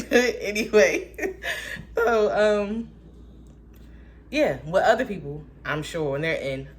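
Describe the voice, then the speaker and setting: In this vlog, a young woman talks casually about faith with a lowish voice, being candid and profane. Her monologue is full of animated asides and rapid voice-switching quotes.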